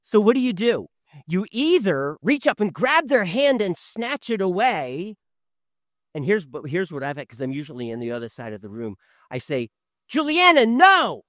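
A man, a father in his thirties, preaching a sermon, swinging from loud emphasis to hushed tones. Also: high-pitched, sing-song, normal speed, no echo, studio quality. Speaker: pastor.

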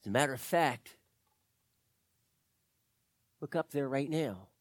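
A man's voice: mid-range voice, slow, no echo, clean studio sound. A man telling an adventure story to children, talking to them directly. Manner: animated, addresses kids directly.

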